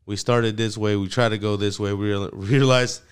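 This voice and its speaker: A man co-hosting a casual talk show, animated and joking, swearing easily and dropping in Spanish words. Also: lowish voice, normal speed, clean tone. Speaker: podcast co-host. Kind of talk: casual chat.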